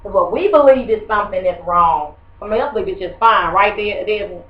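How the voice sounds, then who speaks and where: A woman's voice: mid-range voice, fast talker. A woman teacher, giving a rambling, conversational classroom lesson and quizzing the class. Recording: muffled echoey room from far off.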